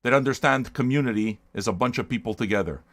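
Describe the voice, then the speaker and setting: Loud, profane older male stream host. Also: medium pitch, fast. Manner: loud, profane, hyped-up, shouting at times. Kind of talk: livestream chat with viewers.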